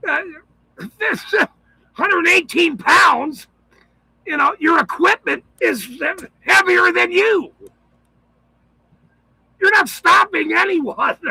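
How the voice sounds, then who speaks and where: A man giving rambling, profane commentary, shouting and swearing often and laughing a lot as he talks. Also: very high-pitched, gravelly, no echo, poor audio.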